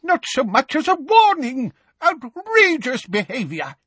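A man's voice: sits high, animated, a little slow, a little mellow, breathy edge, no echo, pitched above the performer's own voice, full character voice. Man doing a fussy, flustered old examiner. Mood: outraged. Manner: prim, flustered. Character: fussy elderly male examiner, easily scandalized.

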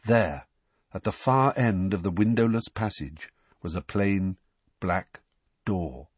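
Male audiobook narrator, expressive, husky, dry close sound. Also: low-pitched, slow pace, no room sound. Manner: expressive, storytelling. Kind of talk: scripted narration.

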